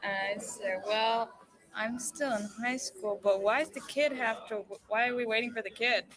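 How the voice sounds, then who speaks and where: A woman's voice: on the high side, moderate pace, crowd noise. A woman playing a tabletop game, speaking hesitantly and unsure.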